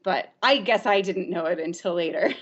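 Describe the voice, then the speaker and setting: A woman from Arizona, a teacher, telling stories in a podcast interview, lively and often laughing. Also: lowish voice, normal speed, breathy edge, muffled recording. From Arizona, USA. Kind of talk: storytelling in an interview.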